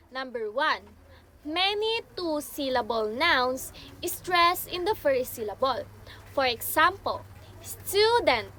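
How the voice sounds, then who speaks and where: A woman presenting a phonetics lesson, reading slowly and carefully and stressing each example word. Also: sits high, bright, forceful tone, a little hiss or hum, rough recording.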